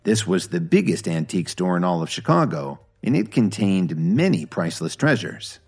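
A man reading a story aloud in scripted narration, steady and even. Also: sits low, moderate pace, breathy edge, soft background music.

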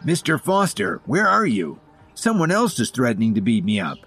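A man voicing an arrogant, spoiled young man who bullies and blusters, with a husky voice. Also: medium pitch, wildly swooping pitch, moderate pace, fairly bright tone, soft background music, full character voice. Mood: angry.

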